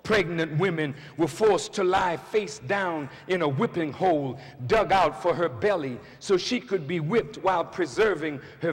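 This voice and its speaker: A man, a minister, delivering a fiery sermon to a large crowd. He swings from shouting down to hushed storytelling. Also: sits high. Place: large indoor arena. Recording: long reverb of a large arena.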